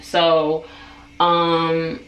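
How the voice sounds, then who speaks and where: A woman telling a story on her vlog in a casual, animated way, full of "like" and "um" fillers. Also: drawn-out words, muffled recording. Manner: animated, rising to high-pitched outbursts when retelling anger; frequent "like" and "um" fillers. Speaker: vlogger. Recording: roomy echo, distant mic, faint background hiss.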